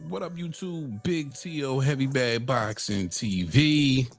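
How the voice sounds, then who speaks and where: A man hosting a live boxing talk stream, chatting loosely with many fillers, shout-outs and a Black way of speaking. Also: mid-range voice, unhurried, faint music behind. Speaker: boxing channel host. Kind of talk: casual live-stream commentary.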